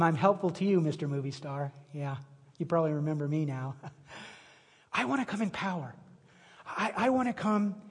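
A male pastor with a high, husky voice gives a chatty sermon. He stumbles over and repeats his words. The long reverb of a big hall hangs behind him. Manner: conversational, repeats words, acts out quotes.

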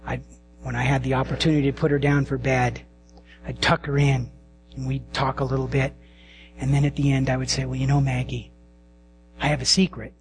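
A middle-aged man preaching a sermon and leading a prayer, speaking slowly and intimately and dropping to hushed whispers. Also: medium pitch, flat delivery, a little hiss or hum. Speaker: pastor.

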